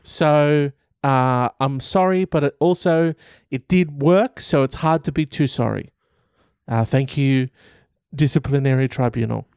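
A man voicing a frustrated middle-aged schoolteacher with a put-on New Zealand accent, rambling and halting as he defends himself. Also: medium pitch, a little mellow, clean tone, dry recording, clean studio sound, lightly acted. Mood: defensive. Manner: rambling, halting, self-satisfied. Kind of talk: comic impression in a commentary video.

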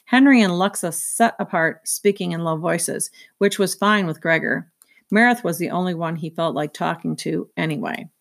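A woman's voice: on the low side, normal speed, gravelly. Woman reading a children's book aloud. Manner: steady, even storytelling. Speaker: reader.

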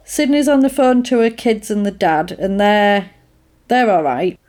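A woman with a middle-pitched voice chats casually, walking a friend through a film scene by scene. She talks in an easy, chatty way and slips into the characters' lines as she goes. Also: unhurried, a little mellow. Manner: chatty, retells scenes with acted-out quotes and laughs. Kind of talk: casual chat recapping a film.

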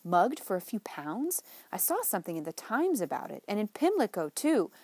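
A woman's voice: medium pitch, very animated, moderate pace, darkish tone, husky, dry recording. A woman voicing a wry young woman who asks things in a dry, skeptical way, in a dry room. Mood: questioning.

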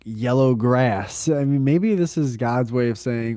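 A man's voice: medium pitch, a little slow, hardly any pauses, dark tone, no echo. A man co-hosting a podcast in loose casual chat, swearing often. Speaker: podcast co-host.

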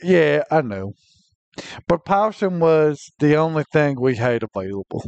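A man hosting a comedy podcast, answering in a deadpan way with naive questions. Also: fairly high pitch, measured pace, vocal fry, no room sound, muffled recording. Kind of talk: casual podcast banter.

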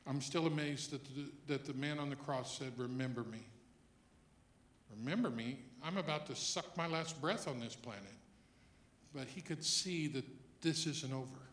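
Man preaching, church sermon, fairly high voice, hushed then loud, acts out quotes. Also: moderate pace. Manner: swings between hushed and loud emphasis; acts out quoted lines for listeners. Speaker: pastor. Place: church hall.

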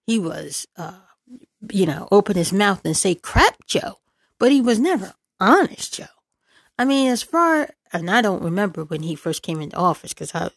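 A woman's voice: mid-range voice, no room sound. A woman political commentator who reads out news, then rants in a sarcastic, exasperated way, repeating words for emphasis.

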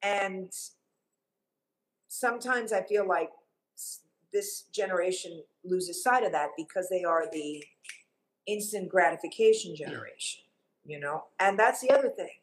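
An animated, emphatic storyteller, this middle-aged woman from Cuba works as a TV journalist and is speaking as an interview guest. Her voice is lowish and unhurried, and the audio is poor.

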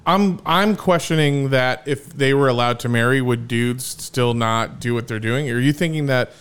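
A man hosts a podcast with a clean, resonant voice. His talk is relaxed and joking, peppered with curses. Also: mid-range voice, moderate pace, clear, resonant tone. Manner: loose, profane, joking. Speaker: podcast host. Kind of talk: casual chat.

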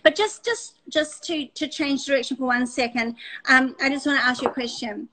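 An Australian woman hosting a casual chat, effusive and full of quick restarts. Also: sits high, background noise. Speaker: host.

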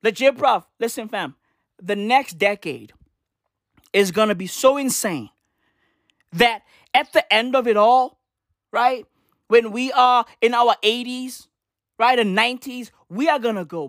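A woman rants for laughs in a fairly high voice that swoops all over the place, stacking slang on swearing with emphatic insistence. The sound is dry and close, with no room around it. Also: expressive, unhurried, fairly bright tone, no echo. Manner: slang-heavy, profane, emphatic. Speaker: comedic ranter. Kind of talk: comedic vlog rant.

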